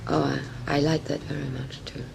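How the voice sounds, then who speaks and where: Woman, actress, gravelly voice, halting, faint tape hiss. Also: low voice, level tone. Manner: halting, searching for words, many restarts. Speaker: actress and director, interview guest. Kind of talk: casual interview talk.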